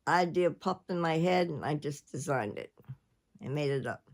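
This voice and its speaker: A woman's voice: deep voice, measured pace. Rambling chatty older woman. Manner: rambling, chatty, jumps between subjects. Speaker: vlogger. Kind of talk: casual chat.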